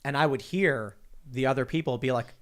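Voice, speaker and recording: An animated male podcast host chatting around a table. His pitch sits in the middle for a man, and he keeps breaking into mock newsreader impressions. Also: brisk. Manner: animated, mimics newsreader voices. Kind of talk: casual panel chat.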